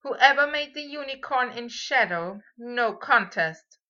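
Draco, as a woman reads him, curt and sharp. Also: on the high side, animated, a little slow, highs cut off, pitched above the performer's own voice. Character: young adult male wizard, sharp-tongued and proud.

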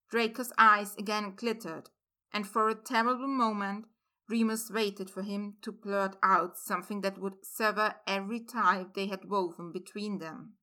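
A woman narrating a story aloud in a slow, measured way. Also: medium pitch, fairly even intonation, pushed and bright. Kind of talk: reading fan fiction aloud.

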